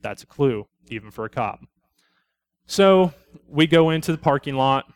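A man's voice: fairly high pitch, animated, normal speed, clean tone, no echo. A middle-aged man, a police officer, telling a personal testimony at a church study in a plain conversational way, quoting people he met and closing with blunt preachy points. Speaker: lay speaker at a church study.

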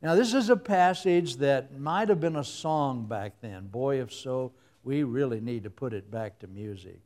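A man's voice: medium pitch, animated, measured pace, darkish tone. A man preaching a humorous sermon, telling stories with sound effects and laughing at his own jokes.

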